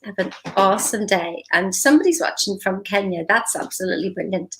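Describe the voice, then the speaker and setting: A woman's voice: mid-range voice, expressive, fairly quick, a bit bright, a little hiss or hum, poor audio. Upbeat woman giving a motivational talk. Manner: upbeat and encouraging, with frequent laughs and asides. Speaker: motivational speaker on a live stream.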